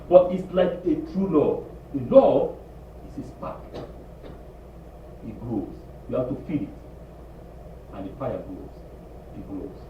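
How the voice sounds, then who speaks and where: A man preaching a sermon in a congregation hall, animated and emphatic, repeating his points, recorded from a distance. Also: medium pitch, a little hiss or hum. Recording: distant, echoey, dull room recording.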